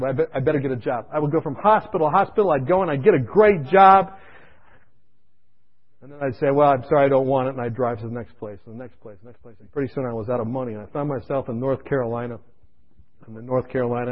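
A man preacher telling his own testimony in a sermon, dramatic and shifting from loud to hushed, in a dull lo-fi radio recording. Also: medium pitch. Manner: dramatic storytelling, swinging between loud and hushed.

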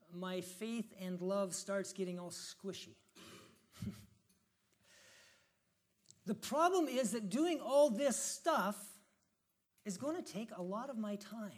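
A man giving an informal, reflective sermon, reading scripture aloud and musing on it in a conversational way. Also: high voice. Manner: reflective, conversational, reads scripture with rising emphasis. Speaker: preacher.

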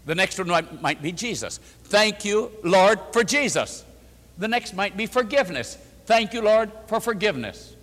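A man's voice: sits high, animated, moderate pace, a bit bright. Older man preaching in an echoing hall. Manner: emphatic, repeats phrases for rhythm, acts out quoted speech. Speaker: pastor. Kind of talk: sermon with storytelling. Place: church or meeting hall before an audience. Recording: hall with long reverb.

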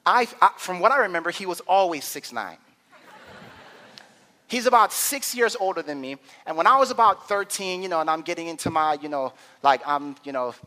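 A man preaching a sermon with dramatic swings from quiet murmurs to loud climaxes. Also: fairly high pitch. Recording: long hall reverb.

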